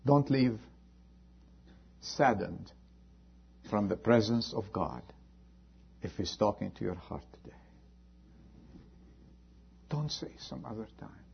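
A male pastor delivers a sermon in a husky voice. He swings between loud, pleading appeals and low, hushed warnings. The recording sounds dull and lo-fi. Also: lively intonation, takes it slowly, long pauses.

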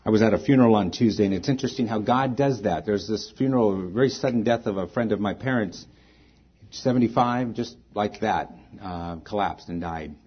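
A man preaches a sermon, his voice a little husky and worn at the edges. He reads scripture with building emphasis, then talks plainly to his listeners. The recording sounds dull and lo-fi. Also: lowish voice, brisk. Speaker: pastor.

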